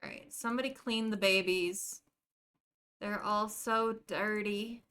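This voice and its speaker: A woman's voice: mid-range voice, fairly even intonation, a little slow, a bit bright, smooth. A woman streaming a life-simulation game live, chatting casually and talking to the characters on screen. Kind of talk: casual live-stream chat while playing.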